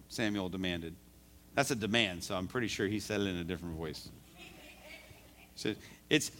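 A man's voice: medium pitch, animated, normal speed, long pauses, bright, forceful tone. A man preaching a sermon in a conversational way, repeating words as he talks and reading scripture aloud. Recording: live service recording.

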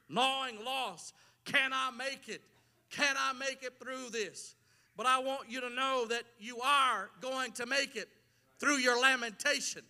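A man's voice: very high-pitched, sharp tone. A middle-aged man, preaching a sermon as a pastor, with impassioned delivery and repeated phrases. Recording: long reverb of a large hall.

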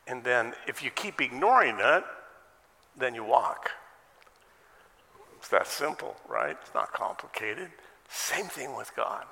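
A man's voice: mid-range voice, sing-song, slow, gravelly, long pauses, bright, forceful tone, long reverb tail. An American man preaching a sermon, firing off rhetorical questions and folksy asides. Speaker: pastor.

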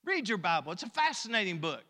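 Older man, preacher; folksy humor, loud-soft swings, long reverb. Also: high voice, big pitch swings, quick pace. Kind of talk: sermon.

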